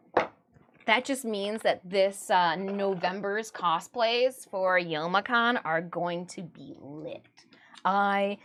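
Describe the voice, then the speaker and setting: A woman's voice: medium pitch, fairly bright tone. A woman from Michigan chatting casually on a livestream, chatty and self-mocking, often breaking into giggles. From Michigan, USA. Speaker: livestreamer and artist.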